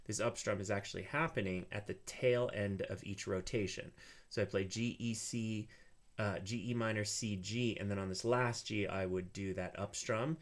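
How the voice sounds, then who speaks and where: A man teaching an online ukulele lesson, explaining in a relaxed way with frequent fillers. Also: fairly low pitch, normal speed.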